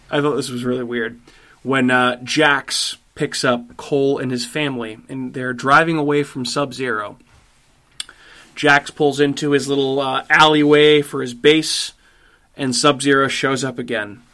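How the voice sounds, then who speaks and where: A man's voice: medium pitch, fairly even intonation, measured pace, bright, forceful tone. A man hosting a casual movie review podcast, talking bluntly and swearing freely, sometimes acting out quotes in a slangy voice. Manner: profane, blunt and emphatic. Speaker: podcast host.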